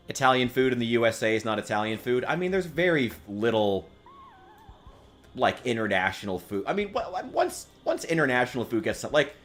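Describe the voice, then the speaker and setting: A man from the US talks casually on a game stream in a lowish, fairly bright voice, wandering off topic and swearing with dry humor.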